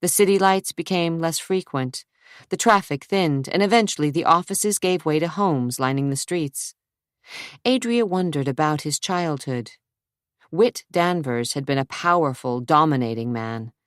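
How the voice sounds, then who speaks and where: A woman narrating a suspense audiobook in a measured, steady storytelling manner. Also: low voice, smooth, dry recording, clean studio sound. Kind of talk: scripted narration.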